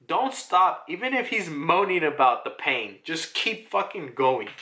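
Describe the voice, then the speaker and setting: A man voicing a brash young male pirate captain who barks loud commands. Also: on the high side, very animated, unhurried, exaggerated voice. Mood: urgent.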